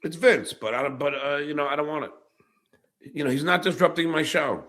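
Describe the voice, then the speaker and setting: A man live streaming, talking in a brash, taunting way with drawn-out phrasing. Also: on the high side, a bit bright. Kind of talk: rambling live stream talk.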